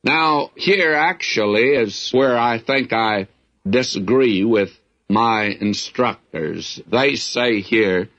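A man's voice: mid-range voice, slow, a bit bright, highs cut off. A man preaching a verse-by-verse sermon as a Bible teacher, in a folksy way with frequent asides.

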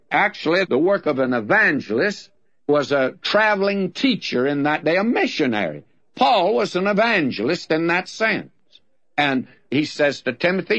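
Older Southern man, radio Bible teacher, folksy and emphatic, lively pitch, dull old radio recording. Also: dry recording. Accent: Southern American.

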